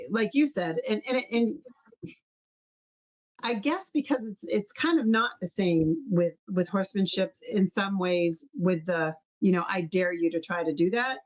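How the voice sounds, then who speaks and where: This woman co-hosts a casual podcast and reflects out loud in a relaxed way. She often circles back and restarts as she searches for words, in an even, middle-pitched voice. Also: low-quality recording. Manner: thoughtful, searching for words, lots of fillers and restarts. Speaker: podcast co-host. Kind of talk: casual chat.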